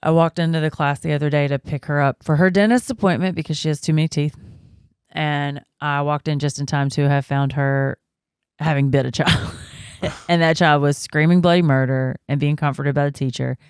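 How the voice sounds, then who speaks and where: Woman, 30s, podcast co-host, gravelly voice, dry close sound, chatty storyteller. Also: deep voice, steady tone, a little fast, a little mellow, no echo. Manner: storytelling, laughs often, many fillers. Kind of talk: casual chat.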